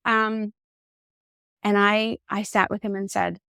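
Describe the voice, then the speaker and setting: A middle-aged woman, a podcast guest, telling personal stories in an animated, candid conversational way. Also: medium pitch, slow, vocal fry, long pauses, clear, resonant tone, dry recording, clean studio sound. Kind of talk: conversational storytelling.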